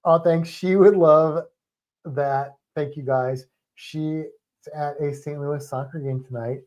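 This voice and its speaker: A man co-hosting a casual livestream with a warm, mellow voice. He rambles through stories in an animated way and restarts his sentences often. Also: a little high, slow pace. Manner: rambling, self-interrupting, animated storytelling. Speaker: livestream co-host. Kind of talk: casual chat with viewers.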